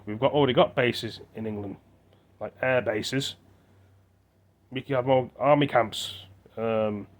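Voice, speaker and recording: A British man vlogging into his phone, rambling and thinking aloud with many fillers and restarts. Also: mid-range voice. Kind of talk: rambling casual monologue to camera.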